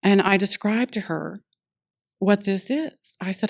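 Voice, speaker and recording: Woman, AA meeting speaker, lively storyteller who acts out the dialogue, mid-range voice. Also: medium pitch, a little slow, gravelly. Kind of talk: personal recovery story at a meeting. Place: meeting room.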